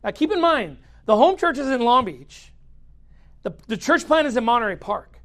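With a very high-pitched, very animated, slightly bright voice at a moderate pace, a pastor narrates his own life story casually. Expect many "likes," acted-out quotes, and occasional laughter through parts of the tale.

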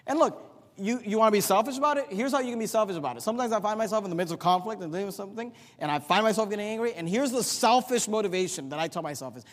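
A middle-aged male pastor preaches with a high voice, rising to loud, emphatic points and then dropping to quiet asides. His voice carries a long reverb, as in a large church hall. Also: lively intonation, quick pace. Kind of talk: sermon.

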